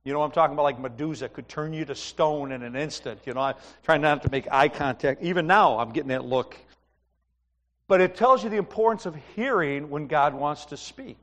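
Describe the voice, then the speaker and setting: A man's voice: a little high, fairly quick, a bit bright. A middle-aged man preaching a sermon in a conversational way, asking the congregation questions and telling personal stories with humor. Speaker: pastor.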